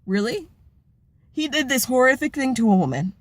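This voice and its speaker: A woman's voice: high voice, big pitch swings, moderate pace, dry recording. A young adult woman ranting in a personal vlog, impassioned and blunt, swearing heavily as she speaks her mind. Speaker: vlogger. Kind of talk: emotional personal vlog rant.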